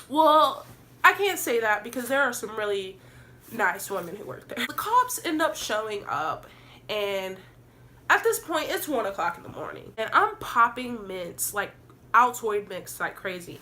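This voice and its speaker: In a casual storytime vlog, a young woman with a slightly high voice recounts a wild story. She is animated and profane, acting out what people said.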